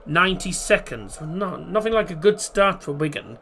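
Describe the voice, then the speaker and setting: A man from Middlesbrough with a Teesside accent hosts a casual football watchalong, his voice sitting a little high for a man. He talks in an easygoing, hesitant way, full of ums and restarts. A faint noise runs underneath. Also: moderate pace. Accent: Teesside English. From Middlesbrough, England. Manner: easygoing, chatty, hesitant with ums and restarts, reads team lineups in a steady list. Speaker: watchalong host.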